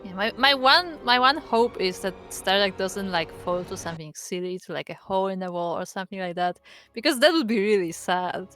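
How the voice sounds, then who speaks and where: A woman's voice: medium pitch, animated, fairly quick, fairly bright tone. Woman caster, medium voice, casual play-by-play, filler words, music behind. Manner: casual, uses "like" often. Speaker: esports caster. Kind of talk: live game commentary.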